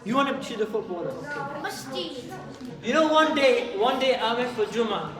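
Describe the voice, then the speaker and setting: A man giving a lively talk to children at a mosque, acting out little dialogues and asking them questions. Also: very high voice, moderate pace, a crowd in the background. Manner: playful, acts out dialogues, asks the kids questions. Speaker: youth speaker at a mosque. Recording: echoey hall, mic from a distance, audience noise.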